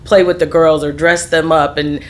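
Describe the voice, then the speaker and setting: A middle-aged woman with a low, moderately paced voice and little pitch movement tells her life story as a podcast guest. The conversation is candid; she laughs easily, trails off and restarts.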